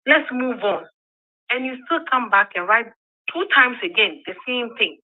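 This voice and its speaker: A man's voice: very high-pitched, lively intonation, normal speed. A man co-hosting a live stream, firmly explaining his decision. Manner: firm and explaining. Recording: tinny phone-line sound.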